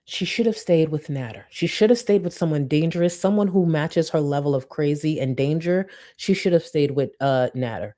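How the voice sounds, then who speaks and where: A woman commenting on a video in a blunt, scornful way, slowing down to stress her points. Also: low-pitched, dark tone. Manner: blunt, scornful, slows for emphasis. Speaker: commentary channel host.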